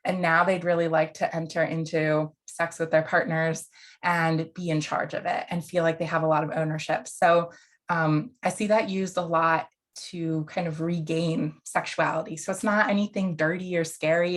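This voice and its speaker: A woman's voice: low voice, level tone, normal speed. A woman counselor educator giving an online lecture in a casual, conversational way, with fillers and asides.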